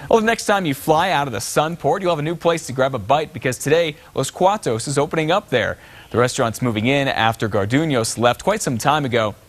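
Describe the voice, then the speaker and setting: A man reading local morning news headlines as a television anchor, in a smooth, steady newsreader delivery. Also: mid-range voice, fairly quick.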